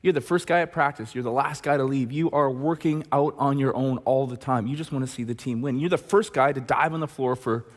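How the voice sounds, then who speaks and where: A man's voice: mid-range voice, a little fast, hardly any pauses, big-room sound. A male pastor preaching in a conversational manner, often tossing rhetorical questions to the congregation. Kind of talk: sermon. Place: church auditorium.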